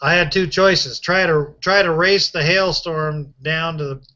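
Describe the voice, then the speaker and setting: A man's voice: on the high side, a little slow, sharp tone, dull audio. A man hosting a casual conversation, telling a long story in a chatty, rambling way with frequent restarts.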